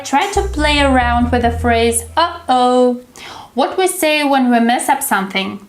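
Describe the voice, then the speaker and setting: A young woman with a Russian accent leads a pronunciation lesson, slowly and carefully drawing out each drill word. Her voice sits high and rings in a roomy, echoing space, with soft music underneath. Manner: slow, careful articulation of drill words. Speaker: English teacher.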